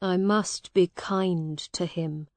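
Reader's own voice as a gentle weary soldier: patient, warm-hearted, slow, close dry sound. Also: female voice, on the low side, fairly even intonation, no room sound. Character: kind weary young soldier man. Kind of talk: storybook reading.

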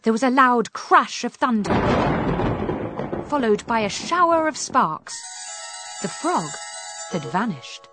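Woman storyteller, fairy-tale read-aloud; slightly high, very lively, music bed. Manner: slow, expressive read-aloud. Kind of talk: storybook reading. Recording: music playing behind.

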